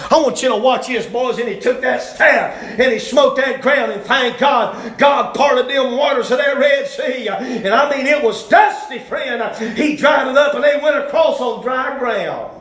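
A man preaching a sermon, telling the story in a folksy way and swinging from shouting to hushed tones. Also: very high-pitched, measured pace, hardly any pauses, echoey room.

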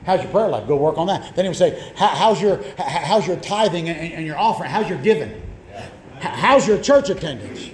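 A middle-aged male pastor preaching a sermon, telling stories and repeating words as he builds to shouted lines. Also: a little high, lively intonation, brisk, roomy sound, slight background noise. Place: church sanctuary.

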